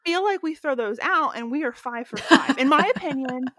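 A woman's voice: sits high, animated, moderate pace, fairly bright tone, dry recording, studio quality. A woman co-hosting a podcast, talking casually with a friend, chatty and self-mocking, with lots of stammered restarts. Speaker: podcast co-host. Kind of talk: casual chat between friends.

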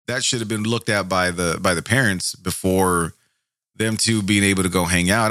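Man, true crime podcast host, bright edgy voice, dry close sound, cursing, stammers and restarts. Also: low-pitched, brisk, no echo. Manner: profane, angry asides, stammering restarts. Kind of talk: solo podcast reading a case with commentary.

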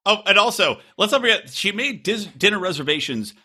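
A man co-hosting a podcast talks in crude, emphatic casual chat. His voice is very bright and somewhat husky, and it jumps lively in pitch. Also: fairly quick. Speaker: podcast co-host.

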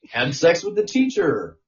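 Very slow-talking, laughing male co-host. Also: fairly high pitch, muffled recording. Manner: drawn-out, laughing, lists ideas. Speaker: podcast co-host. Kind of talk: crude casual banter.

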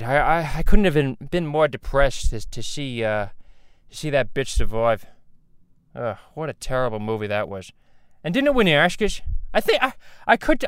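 A man voicing a crass, loudmouthed middle-aged cartoon dad, nasal and rambling, in a crude comedy monologue. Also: medium pitch, clean tone, no echo, close to an everyday voice. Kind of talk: fan comedy impression monologue.

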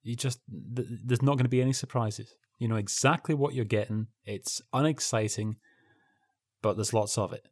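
A man's voice: mid-range voice, steady tone, moderate pace, a little mellow, no echo, studio quality. A man co-hosting a podcast, chatting casually about old television in a rambling, wry way that keeps breaking off and restarting. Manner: rambling, self-interrupting, wry. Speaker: podcast co-host.

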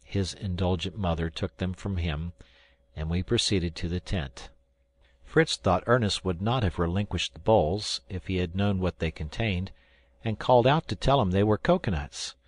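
A man reading a first-person story aloud in measured storytelling. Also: sits low, dry recording. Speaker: audiobook narrator. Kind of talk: scripted first-person narration.

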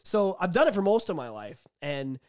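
A man's voice: high voice, very animated, normal speed, no echo, clean studio sound. A young man co-hosting a podcast in casual chat, crude and teasing, laughing often. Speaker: podcast co-host.

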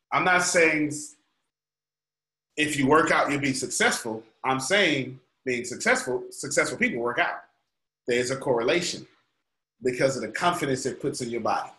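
A man leads a group call as a motivational coach, talking in an emphatic, colloquial, preachy way. His voice is bright and forward. The sound bounces around an echoey room. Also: mid-range voice.

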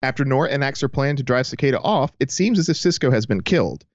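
A man co-hosting a fan podcast speaks in a mid-range voice, expressive and fast, in a dry recording with dull lo-fi sound. In this casual fan discussion he summarizes an episode, chats easygoingly and laughs readily.

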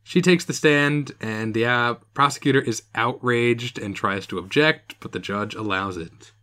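A man's voice: mid-range voice, moderate pace, pushed and bright. A man co-hosting a podcast, recapping an old TV episode in casual, jokey chat, laughing often. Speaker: podcast co-host.

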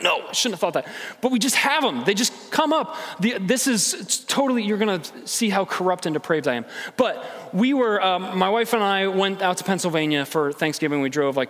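A man preaching a sermon to a congregation, conversational and animated, acting out inner voices. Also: a little high, long reverb tail. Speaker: pastor.

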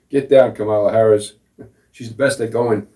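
A man's voice: fairly low pitch, fairly even intonation, normal speed, dark tone. A middle-aged man co-hosting a casual talk show, sarcastic and mocking, laughing at his own jokes. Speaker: co-host. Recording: voice from a distance off the mic.

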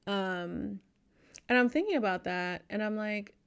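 A woman's voice: mid-range voice, expressive, unhurried, vocal fry, clean tone. A woman hosting a podcast as a dating coach, talking things through in a reflective way and explaining with analogies. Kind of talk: casual podcast conversation.

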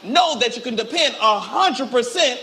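A male pastor preaching a sermon with animated call-and-response, acting out quotes, recorded in a church. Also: very high voice, normal speed, background noise. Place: church sanctuary.

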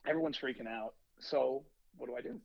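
On a podcast, a youth baseball coach spins a long, animated anecdote, voicing the lines of the people in it. His mid-range voice is gravelly and a little fast, recorded dry with no echo and the highs cut off.

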